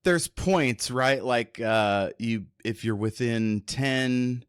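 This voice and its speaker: A man's voice: medium pitch, slow pace, smooth, no room sound, clean studio sound. Rambling man in his forties. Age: 40s. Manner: rambling, hesitant, self-correcting. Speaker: podcast guest. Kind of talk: casual chat.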